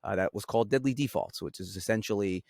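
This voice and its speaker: A man with a New York accent talks as a podcast guest, patiently explaining and tagging on "right?". His voice is deep, and the sound is dry and close. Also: fast, gravelly, darkish tone, no echo. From Staten Island, New York. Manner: explanatory, uses "right?" often. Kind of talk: casual chat.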